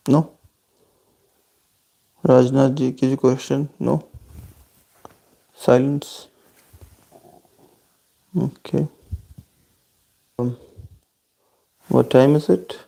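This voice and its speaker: Man vlogging a family video call; deep fry, husky, steady and courteous. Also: drawn-out words, long pauses. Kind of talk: casual chat answering family questions.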